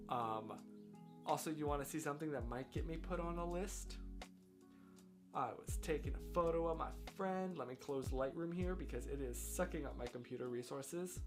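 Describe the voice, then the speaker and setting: Rambling self-deprecating American man. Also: on the high side. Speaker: live streamer. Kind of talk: casual live-stream chat. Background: faint lo-fi music.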